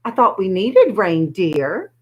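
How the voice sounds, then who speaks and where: A woman's voice: medium pitch, big pitch swings, slow, husky, highs cut off, heavily acted. A woman doing a fretful, nervous farmer's wife. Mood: meek. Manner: anxious and tearful.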